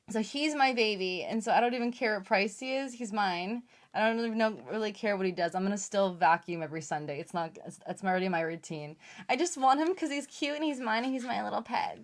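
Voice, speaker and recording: A young woman hosting a live unboxing stream, chatting casually, gushing and swearing freely. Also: mid-range voice. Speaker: livestream host.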